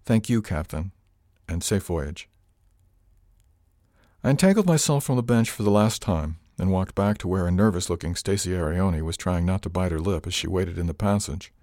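A man narrating a first-person audiobook with a low, steady voice. His delivery is measured and even, recorded close on a studio mic in a dry, dead room. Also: no echo.

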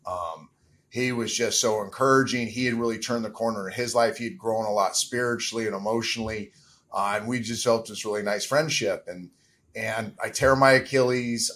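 A man's voice: on the low side, fairly bright tone. A middle-aged man, a former pro quarterback, answering interview questions earnestly and reflectively, with frequent fillers.

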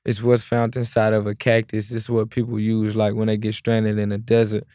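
A man's voice: fairly low pitch, completely flat delivery, normal speed, warm tone, clean tone, no room sound, clean studio sound. A young man from Memphis with a Memphis accent, a guest in an interview, talking casually in a laid-back, slangy way. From Memphis, Tennessee. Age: young adult. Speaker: rapper guest.

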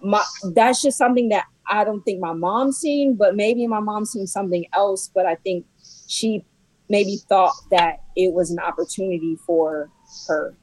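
A woman's voice: mid-range voice, normal speed, darkish tone, poor audio. A young woman talking as a guest in a casual chat, heartfelt and rambling, with lots of filler likes. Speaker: guest, host's sister.

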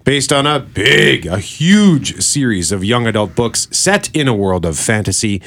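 A man's voice: medium pitch, very animated, unhurried, a bit bright, no echo. A man co-hosting a podcast who explains a new fantasy series in a chatty way. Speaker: podcast co-host. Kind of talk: casual chat.

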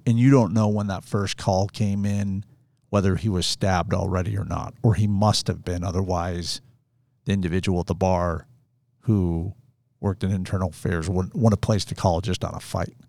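A man hosting a podcast, asking measured, probing interview questions. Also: sits low, fairly even intonation, vocal fry, a little mellow, no room sound.

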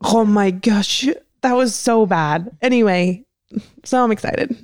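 A woman's voice: mid-range voice, measured pace, darkish tone. A young woman from California, chatting casually and bubbly as a podcast co-host, laughing often. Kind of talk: casual chat.

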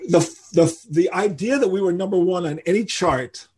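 An older man, telling animated stories as a guest in a podcast interview and acting out the people he quotes. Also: high voice, moderate pace, husky. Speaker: guest musician.

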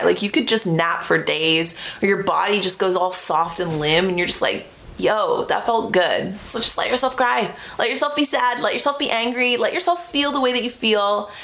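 A woman's voice: mid-range voice, fairly bright tone. Earnest young woman vlogging to camera. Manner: earnest, rambling, frequent "like" fillers. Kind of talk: casual talk to camera.

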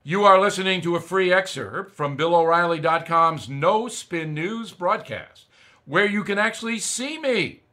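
A man's voice: high voice, animated, a little slow, sharp tone. An older man hosting a commentary show, blunt and opinionated, reading ads and giving his views with emphatic repetition.

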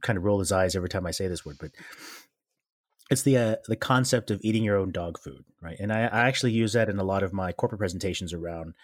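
A man's voice: sits low, quick pace, dry recording, clean studio sound. A man hosting a podcast, asking questions in a rambling, friendly way. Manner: rambling, friendly, many fillers and restarts. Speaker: podcast host. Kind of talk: casual interview chat.

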